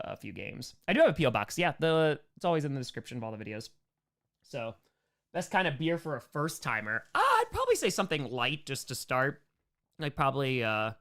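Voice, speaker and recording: A young man from New York chats casually through a live Q&A, thanking donors in quick bursts. His voice swings lively up and down as he riffs. The talk stays loose and upbeat. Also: medium pitch. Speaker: livestream host answering superchats.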